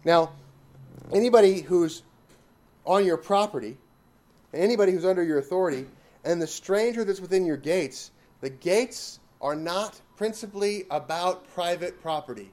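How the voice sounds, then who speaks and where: A man's voice: on the high side, expressive, normal speed, a little mellow. A man teaching a catechism lesson. He talks emphatically, asks rhetorical questions and repeats his key words. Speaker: Bible teacher.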